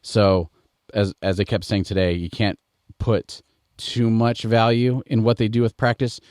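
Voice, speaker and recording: Low-voiced American man hosting a podcast. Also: unhurried, no echo, clean studio sound. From United States. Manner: relaxed, conversational, digressive. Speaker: podcast host. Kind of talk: casual podcast chat.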